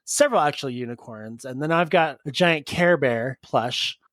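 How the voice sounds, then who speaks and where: A podcast host in casual chat, teasing and joking with bawdy humor and quick laughs. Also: medium pitch, fairly bright tone, no room sound, clean studio sound.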